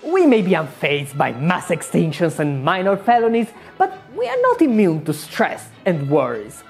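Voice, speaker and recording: A woman's voice: wildly swooping pitch, moderate pace, a little mellow, soft background music. A woman doing a comic supervillain-persona narration, theatrical and sarcastic. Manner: theatrical, sarcastic, swinging wildly in pitch. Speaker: YouTube maker.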